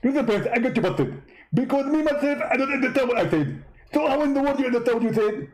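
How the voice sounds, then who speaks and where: A man putting on a boastful male preacher caricature, gloating and mocking in a fast, raised voice. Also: extremely high pitch, lively intonation, voice pushed up, low-quality recording.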